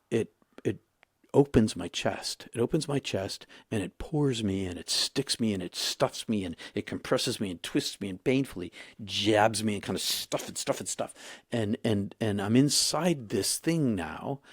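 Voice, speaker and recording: A man in his sixties, a guest in an interview, telling his story in a halting way with many restarts. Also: fairly low pitch, slightly rough, no room sound, studio quality. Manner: halting, repeats and restarts, emotional retelling.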